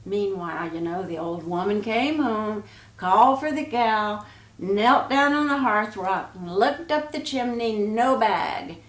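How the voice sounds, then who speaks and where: Slow, homespun woman storyteller. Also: medium pitch. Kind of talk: folk storytelling narration. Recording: roomy echo.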